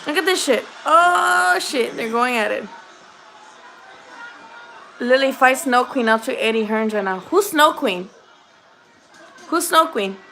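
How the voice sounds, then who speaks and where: High, bright-voiced woman bantering bluntly. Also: expressive, slow pace, creaky, long pauses, a faint crowd. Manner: blunt, profane and joking, talks back to chat. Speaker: host of a boxing livestream. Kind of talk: casual livestream chat.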